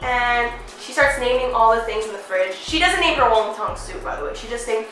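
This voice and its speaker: A woman's voice: a little high, a little fast, few pauses. A young woman casually telling funny family stories on her vlog, giggling and acting out her parents' lines. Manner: giggly, animated, acts out family members' lines. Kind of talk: casual storytelling. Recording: echoey room, off-mic, faint music.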